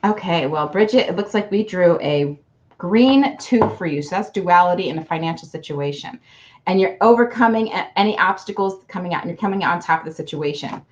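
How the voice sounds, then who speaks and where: Woman card reader on a livestream, low-pitched, chatty, calls everyone hun, dull lo-fi sound. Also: expressive, a little fast. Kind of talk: casual livestream card reading.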